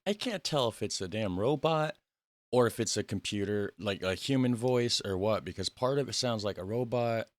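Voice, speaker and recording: A man's voice: fairly low pitch, fairly bright tone, no echo. A young man from Indiana, hosting a reaction video in loose, rambling casual talk, recorded on a phone camera in a small room. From Indiana, USA. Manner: rambling, loose, with fillers and restarts.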